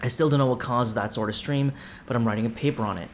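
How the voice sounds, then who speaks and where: A man's voice: medium pitch, fast talker, a little hiss or hum, close to an everyday voice. A man voicing a pompous, scholarly ocean researcher who lectures in lofty, wordy phrases.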